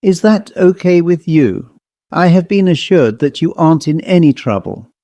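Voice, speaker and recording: A man reading an audiobook, voicing a kindly woman nurse who speaks gently and formally. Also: fairly high pitch, expressive, normal speed, no room sound, natural voice. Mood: gentle. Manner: gentle, then formal and reassuring. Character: kindly young woman hospital nurse, calm.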